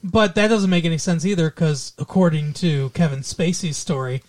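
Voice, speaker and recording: A man's voice: on the high side, moderate pace. A man co-hosting a podcast, chatting casually about a movie, rambling and hedging as he goes. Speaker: podcast co-host. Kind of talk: casual movie review chat.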